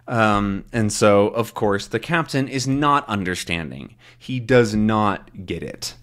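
Man, English teacher, slow explaining pace, lively intonation, simple repetitive wording. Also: fairly low pitch. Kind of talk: explaining a comic to learners.

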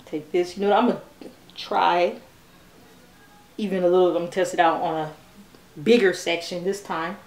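A woman vlogging at home, chatting excitedly with her viewers while demonstrating a hair brush. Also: on the low side, moderate pace, soft background music. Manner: excitable, chatty, addresses viewers as "you guys". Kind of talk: casual product demo chat. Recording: echoey room.

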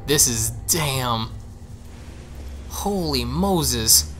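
A man's voice: medium pitch, drawn-out words, soft background music. Panicky young man playing a horror game. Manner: panicky, excitable, repeats himself. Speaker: gaming streamer. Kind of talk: let's play commentary.

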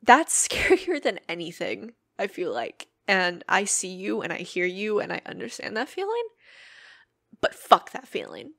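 A woman hosts her own podcast, speaking earnestly and emotionally, with plenty of swearing. Her voice sits in a middle pitch range. The recording is dry and close, with little room sound. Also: very animated, unhurried, vocal fry, sharp tone, no echo. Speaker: podcast host. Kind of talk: personal podcast monologue.

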